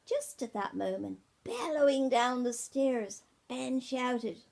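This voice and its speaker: An older woman reading a bedtime story to her grandchildren at home, recorded on a tablet. Her voice is gravelly and husky, a bit higher than most women's, and she reads very slowly. She often drops to a whisper and asks the children questions as she goes. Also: darkish tone. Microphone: iPad mini.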